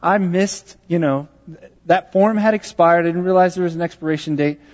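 A pastor from Texas preaching a sermon, telling a personal story in a conversational, joking way. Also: male voice, high voice, normal speed, darkish tone. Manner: conversational and joking, with self-deprecating asides. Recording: dull sound in a large reverberant hall.

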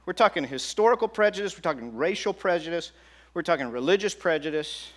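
A man's voice: a little high, expressive, a little fast. Man, middle-aged, pastor, sermon, conversational, asks the congregation questions.

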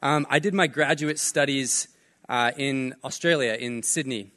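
A young man preaching a casual sermon as pastor, telling a story in a relaxed way with fillers and jokes. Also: medium pitch, a little slow.

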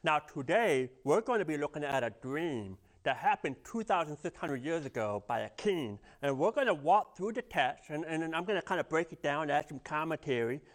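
A man's voice: a little high, expressive, moderate pace, few pauses. A man preaching a sermon, telling a personal story with many stammered restarts. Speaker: pastor.

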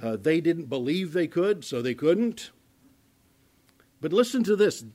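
This pastor's voice sits a little higher than typical for a man, and he's very animated yet unhurried. He teaches the Bible sermon-style, conversationally, restarting often and moving between loud emphasis and hushed asides.

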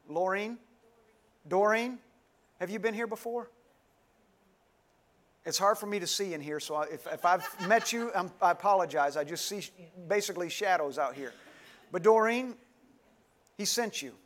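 A man with a high, slightly bright voice preaches a sermon to a live congregation in a dim church hall. He repeats his questions, leads call-and-response, and calls on listeners by name.

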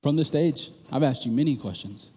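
A man preaching a sermon from the stage, telling the story in an animated, joking way and building to emphatic bursts. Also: mid-range voice, normal speed, husky, in a large hall.

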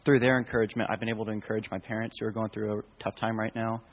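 A young man sharing a casual faith testimony, soft-spoken and full of fillers. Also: on the low side, level tone, rapid-fire, long reverb tail.

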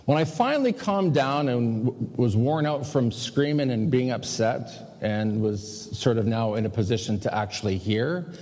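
A pastor telling a personal story in a sermon, animated and self-mocking as he confesses his own failings. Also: medium pitch, moderate pace, hardly any pauses. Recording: long hall reverb.

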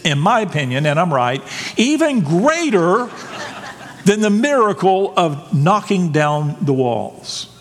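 Pastor, male, fairly high voice, animated emphatic sermon delivery, church hall reverb. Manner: animated, emphatic preaching with rhetorical questions. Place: church sanctuary.

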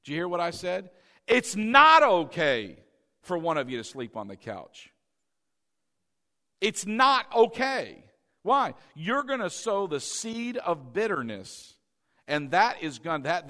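Animated middle-aged male pastor preaching. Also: moderate pace. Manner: animated preaching, rising to loud emphasis then dropping low and confiding. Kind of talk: sermon.

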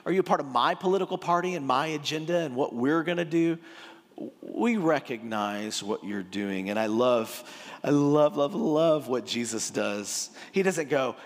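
Casual, joking male pastor, slightly high voice, sermon in a reverberant hall. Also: normal speed. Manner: casual, animated, joking preacher.

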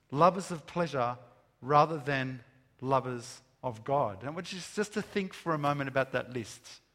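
A man's voice: mid-range voice, a bit bright. Preaching man in a reverberant hall. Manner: emphatic, rhetorical questions, slow stressed lists of words. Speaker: pastor. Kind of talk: sermon. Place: large room with an audience. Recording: long reverb of a large hall.

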